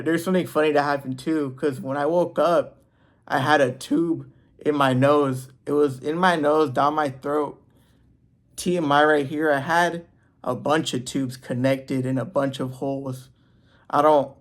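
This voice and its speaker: A man's voice: mid-range voice, vocal fry. A man in his twenties telling a personal story in a loose, rambling, self-interrupting way. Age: 20s. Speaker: vlogger. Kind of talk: casual storytelling to camera.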